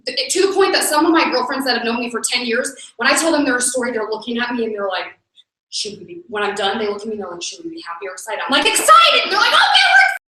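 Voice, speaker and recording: A woman leading a team meeting, giving an upbeat motivational talk and speaking straight to the audience. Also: a little high. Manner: upbeat, energetic, addresses the audience directly. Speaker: network marketing team leader. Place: meeting room. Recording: echoey room, mic from far off.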